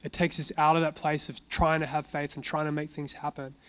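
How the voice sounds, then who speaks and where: A man preaches in a relaxed, chatty way, sharing stories from his own life. His voice sits a little high for a man and sounds smooth and clear. He keeps throwing rhetorical questions at the listeners and then answering them himself. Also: fairly quick. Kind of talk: informal sermon with personal testimony.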